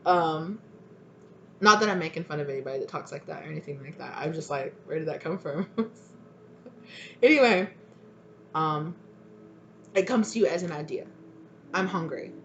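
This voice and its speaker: A woman's voice: low voice, dull audio, a little hiss or hum. Chatty woman giving a tarot reading. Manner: chatty, animated, keeps asking "right?". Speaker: tarot reader. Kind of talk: casual spiritual reading to camera.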